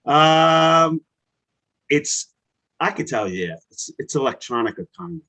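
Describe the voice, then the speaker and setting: A man co-hosting a music reaction show, easygoing and quick to laugh in casual chat. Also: fairly high pitch, lively intonation, sharp tone. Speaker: co-host picking songs.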